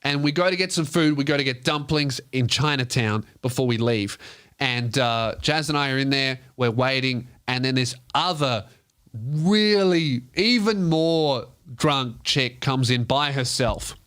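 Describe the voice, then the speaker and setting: A man's voice: mid-range voice, a little slow, fairly bright tone, clean tone. A man, hosting a comedy podcast and telling a loose, profane anecdote. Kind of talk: comedic storytelling.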